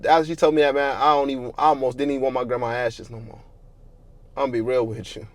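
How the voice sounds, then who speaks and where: A man's voice: medium pitch, little pitch movement, fast talker, no echo. A young man telling a painful childhood story to his viewers in a casual, slangy, candid way, swearing often and growing heated. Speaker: storyteller vlogger.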